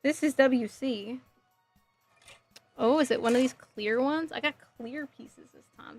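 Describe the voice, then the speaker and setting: Woman in her 30s, bit high voice, giggly chatty stream talk, light music behind. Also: unhurried, long pauses. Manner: chatty, giggly, reading chat aloud. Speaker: streamer building a model kit. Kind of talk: casual livestream chat.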